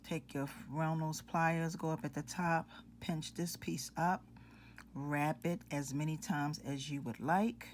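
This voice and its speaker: A woman hosting a jewelry-making tutorial, calmly talking viewers through each step and addressing them as ladies and gentlemen. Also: low-pitched, slow, slight background noise. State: out of breath.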